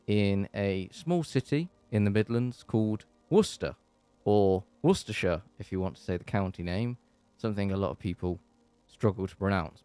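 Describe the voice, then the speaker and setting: Speaking in a lowish, slightly mellow and smooth voice with no room sound, this English-accented host chats through a relaxed bedroom live-stream Q&A. He wanders from point to point with plenty of fillers and false starts, feeling hot and sweaty.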